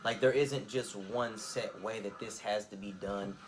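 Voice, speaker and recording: A man's voice: lowish voice, fairly even intonation, a little slow, noisy background. A man co-hosting a casual podcast, thoughtful and conversational, leaning on "like" and "you know". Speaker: podcast co-host.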